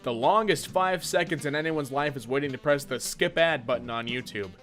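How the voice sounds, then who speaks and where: A man reading memes and jokes aloud in a playful, joking way, often laughing and slipping into quick silly voices. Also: medium pitch, a bit bright, faint music behind. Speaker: meme video narrator.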